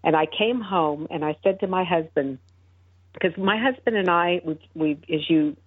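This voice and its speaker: Speaking by telephone as a radio guest, this middle-aged woman, who founded an advocacy group, earnestly recounts her personal story of faith, often using fillers and starting over. Her fairly low, slightly rough voice moves at a moderate pace, and the line sounds tinny and dry.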